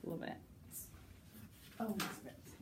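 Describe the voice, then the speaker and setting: A woman teacher directing a class drama rehearsal, brisk and joking, acting lines out herself. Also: very noisy.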